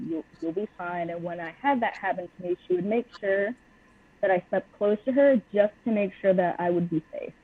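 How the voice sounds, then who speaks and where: A woman's voice: mid-range voice, husky. A young woman speaking bluntly and openly as a guest on a personal interview podcast. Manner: blunt and open. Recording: tinny phone-line audio.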